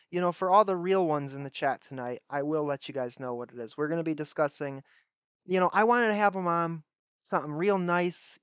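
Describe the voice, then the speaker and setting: A man's voice: fairly high pitch, fairly bright tone, clean tone, no echo. A man hosting his own livestream, chatting loosely and rambling with a self-deprecating streak. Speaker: livestream host. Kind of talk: casual livestream commentary.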